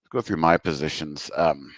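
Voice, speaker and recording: Low-voiced, breathless trading host. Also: male voice, normal speed, dry recording. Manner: casual, chatty, thinking aloud at charts. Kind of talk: live market commentary. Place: home desk.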